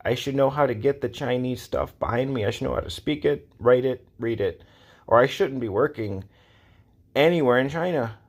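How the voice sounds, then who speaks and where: A man's voice: mid-range voice, moderate pace. A man ranting to camera in a casual, exasperated way, repeating his points and asking rhetorical questions. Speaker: vlogger. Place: Los Angeles area.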